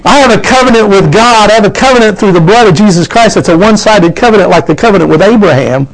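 Gravelly-voiced fervent preacher man. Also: sits high, fast, low-quality recording. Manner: fervent, rising to excited preaching. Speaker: pastor. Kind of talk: sermon.

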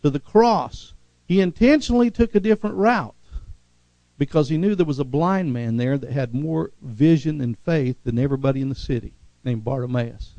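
A man preaching a sermon, calling for amens from the congregation and swinging from loud, fervent passages to quiet, lowered ones. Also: moderate pace, gravelly, dry recording, muffled recording. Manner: call-and-response preaching, rising to shouts then dropping low. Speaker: pastor.

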